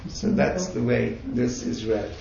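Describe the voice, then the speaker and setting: Gravelly man teaching in an echoey room. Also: mid-range voice, animated, unhurried, warm tone, a little hiss or hum. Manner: patient, explanatory, with chatty asides. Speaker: religious teacher. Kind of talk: explanatory talk to a group. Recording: echoey room, distant mic, dull sound.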